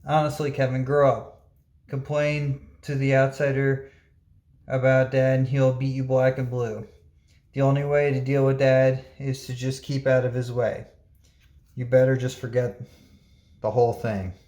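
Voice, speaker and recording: A man reading a comic book aloud, giving the lines of every character in a plain, unhurried voice. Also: medium pitch, flat delivery, darkish tone, echoey room. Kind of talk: reading a comic aloud, voicing all parts.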